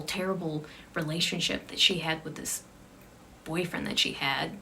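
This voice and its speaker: A woman hosting a casual chat show and telling a story, shifting between lively telling and a hushed near-whisper. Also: medium pitch. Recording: slightly distant mic with faint background noise.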